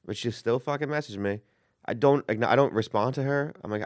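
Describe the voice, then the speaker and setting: A man's voice: medium pitch, fairly quick, dry recording, clean studio sound. A man, a guest comedian, joking with the host in a blunt, teasing way and swearing casually.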